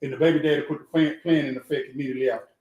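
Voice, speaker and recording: Animated man talking in an echoey room. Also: fairly high pitch, rapid-fire, muffled recording. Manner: animated storytelling, repeats words, heavy cursing. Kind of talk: casual street talk.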